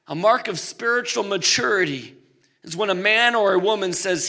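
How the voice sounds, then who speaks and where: A man who is a pastor delivering a sermon, animated and humorous, swinging between loud emphatic peaks and quiet low passages. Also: a little fast. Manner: animated preaching with humorous asides.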